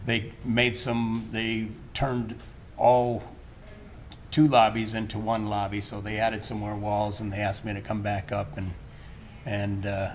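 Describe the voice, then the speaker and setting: An older man, a painter, rambling and halting through a casual interview in a gallery. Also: on the low side, completely flat delivery, a little hiss or hum. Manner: rambling, halting, restarts often. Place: art gallery during a live event.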